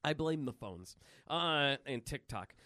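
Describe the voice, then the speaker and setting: A man co-hosting a comics podcast, retelling a story in an animated, rambling way full of fillers. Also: mid-range voice, takes it slowly, dry recording, studio quality. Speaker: podcast co-host. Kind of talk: casual chat, retelling a comic.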